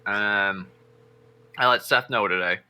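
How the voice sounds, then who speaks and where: A man's voice: on the low side, takes it slowly, smooth. A man co-hosting a casual streamed podcast, telling stories animatedly and acting out what people said, with lots of swearing. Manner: animated storyteller, acts out quotes, lots of swearing. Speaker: podcast co-host. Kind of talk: casual chat.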